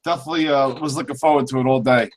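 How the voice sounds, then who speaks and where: A man's voice: mid-range voice, steady tone, racing. A man with a New York accent, a podcast guest joining a call with short, laid-back remarks. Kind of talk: casual podcast chat. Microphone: remote call.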